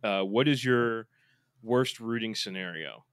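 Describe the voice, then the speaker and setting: A man's voice: fairly low pitch, unhurried, clear, resonant tone, no echo, clean studio sound. A man co-hosting a podcast in casual sports chat, rambling with lots of fillers and restarts. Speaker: podcast co-host.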